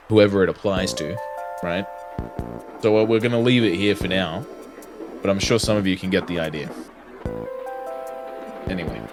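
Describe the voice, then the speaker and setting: A young man livestreaming, ranting casually to his chat in an animated, heavily profane, slangy way. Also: sits low. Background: music.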